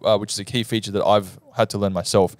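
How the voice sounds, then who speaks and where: A man's voice: lowish voice, fairly even intonation, fast. A young Australian man co-hosting a casual podcast, explaining his points step by step and telling stories with animation. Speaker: podcast co-host.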